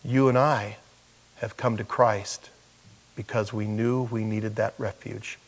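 A man's voice: lowish voice, creaky, darkish tone, in a large hall. An older man, a pastor and grandfather, preaching a sermon in a conversational, folksy way with asides.

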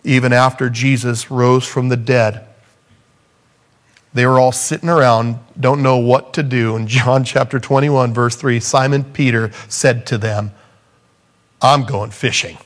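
A man preaches unhurriedly with fairly even intonation overall, acting out scripture quotes while rising in pitch for emphasis and dropping low on key points.

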